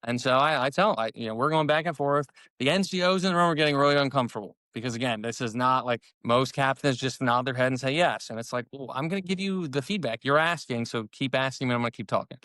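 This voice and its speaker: A man's voice: mid-range voice, fast, few pauses, no echo. A middle-aged American man, a retired army captain, telling a story in a casual interview and acting out the lines of the people in it. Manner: animated storyteller, acts out quoted dialogue.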